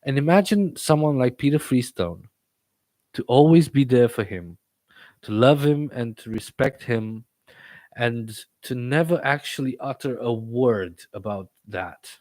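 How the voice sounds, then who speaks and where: A man's voice: medium pitch, a little slow, a little mellow, dry recording. Stammering man, faintly British-tinged English. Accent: slightly British-sounding, learned English. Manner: rambling, frequent stammered restarts. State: slightly impeded speech from a toothache. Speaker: livestream host. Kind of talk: casual live chat.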